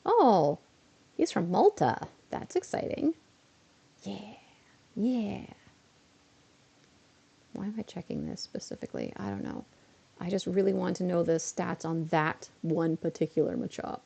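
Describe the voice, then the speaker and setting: A woman live-streaming from home, chatting loosely as she plays. Her voice is mellow and low in brightness, with a gravelly fry running under her words. She slides into exasperated rants and tosses off quick asides. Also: sing-song. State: a bit unwell. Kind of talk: casual live-stream chat while gaming.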